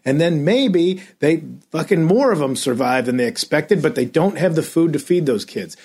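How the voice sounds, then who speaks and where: A man's voice: fairly high pitch, animated, normal speed, darkish tone, breathy edge. A man on a podcast, a comedian ranting and swearing in exasperated casual chat. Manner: self-described comedian. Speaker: podcast co-host.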